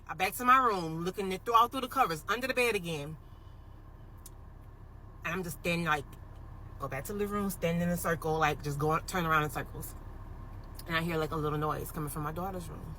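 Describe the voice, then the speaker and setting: A woman's voice: on the low side, a little fast, a little hiss or hum, poor audio. A woman in her thirties telling a personal paranormal story in a casual, emotional storytime vlog, with lots of "like" fillers. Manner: emotional, animated retelling with many "like" fillers. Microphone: phone.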